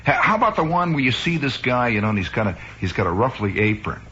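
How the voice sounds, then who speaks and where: A man from Chicago spins a wry, rambling monologue with a lively, rising and falling voice. His tone is bright and forceful. The sound is muffled, like an old 1960s radio broadcast. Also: mid-range voice, fast, a little hiss or hum. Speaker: radio host. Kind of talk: improvised comic monologue. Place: radio studio.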